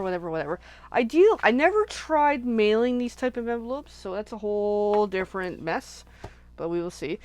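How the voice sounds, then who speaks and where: A woman hosting a casual live crafting session, chatting and rambling as she thinks aloud while she works at her craft desk. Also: mid-range voice. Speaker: craft channel host.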